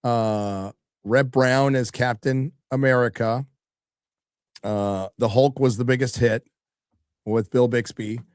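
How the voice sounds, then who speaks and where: A middle-aged man hosts a live stream in a loose, chatty way, cursing often as he reads out viewer messages. His voice sits at an ordinary pitch and is recorded dry and close to the mic. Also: fairly even intonation, slow, pauses often, clean tone, dry recording. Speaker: livestream host reading donations. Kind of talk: casual live-stream chat.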